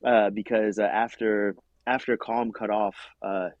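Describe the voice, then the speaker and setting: An American man joins a podcast as a guest and explains his points haltingly, often restarting his sentences. The recording sounds dry and close. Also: on the low side, little pitch movement, no echo, lo-fi sound. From United States. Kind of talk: casual chat.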